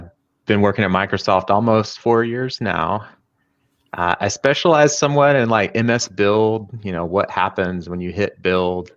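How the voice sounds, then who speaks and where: A male software engineer speaking as a guest on a live stream over a video call, modest and easygoing. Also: low voice, no echo. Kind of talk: casual live-stream chat. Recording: dull, dry video-call audio.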